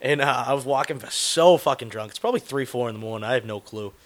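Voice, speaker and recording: A man's voice: mid-range voice, quick pace. A man telling a rambling, profane, self-mocking story in casual chat, laughing as he goes.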